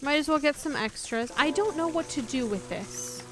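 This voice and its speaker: A high-voiced woman streams a video game, chatting casually and cracking jokes. She swears freely and mutters to herself as she plays, with game music clearly playing behind her. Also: lively intonation, normal speed. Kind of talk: casual gameplay commentary.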